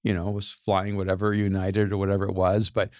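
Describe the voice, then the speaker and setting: A middle-aged man in a casual conversation, animated, laughing often and repeating words as he starts sentences. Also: deep voice, brisk, dry recording, studio quality.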